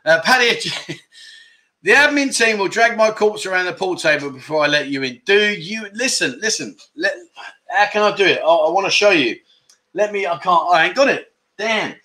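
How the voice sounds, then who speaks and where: A lively middle-aged man chats through viewer comments on his livestream, with a bright, forceful voice sitting a little high for a man. He is animated and exclamatory, and now and then he bursts into a loud catchphrase. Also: moderate pace. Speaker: livestream chat show host. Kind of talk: casual chat reading viewer comments.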